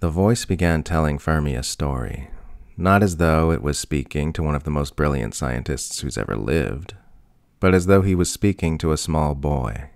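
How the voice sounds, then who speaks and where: A man narrating a short story in a measured, even manner. His voice is extremely deep, and the recording is dry, close and free of room sound. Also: creaky, dry recording. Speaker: audiobook reader.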